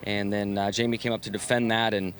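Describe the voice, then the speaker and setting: A man's voice: lowish voice, little pitch movement, brisk. A male race driver giving a post-crash interview, recapping the wreck in a rambling, disappointed way.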